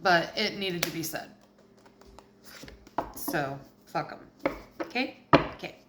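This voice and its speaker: A woman's voice: on the low side, takes it slowly, very noisy. Blunt, fired-up woman reading tarot. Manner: blunt, profane, heated. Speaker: tarot reader.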